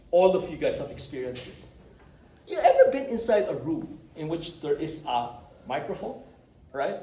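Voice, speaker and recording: A man lecturing a class, animated and often checking in with his listeners. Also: high voice, slight background noise. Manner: animated, keeps checking in with "right?" and "you see?". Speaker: university lecturer. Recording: echoey room, mic at a distance.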